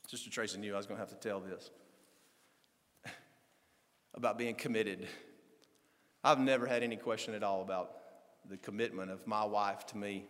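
A male pastor preaching a sermon, swinging between loud, fervent passages and low conversational asides. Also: in a large hall.

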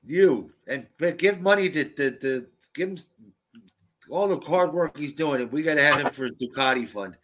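A man with a bright, forceful voice co-hosts a relaxed podcast. He chimes in with short agreements and quick remarks. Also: a little high. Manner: brief agreeing interjections. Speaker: podcast co-host. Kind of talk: casual chat.

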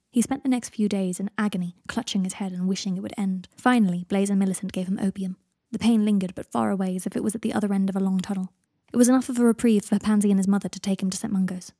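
Woman, audiobook narration, calm, husky, mellow. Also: mid-range voice, fast, no echo, studio quality. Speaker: fan fiction reader.

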